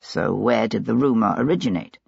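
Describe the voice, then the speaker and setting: A woman's voice: rumbling low, brisk, vocal fry, darkish tone, breathy edge, no echo, pitched below the performer's own voice, full character voice. A woman voicing a stern, probing nobleman. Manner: probing and terse. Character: stern determined male nobleman investigator. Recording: dull dry lo-fi recording.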